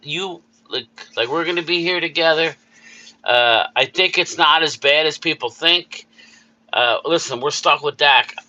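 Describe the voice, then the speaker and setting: A man hosts a casual live chat with a sharp, bright tone that sits a bit high. He talks slowly and upbeat, greeting viewers by name and often repeating his lines. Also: highs cut off. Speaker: livestream host.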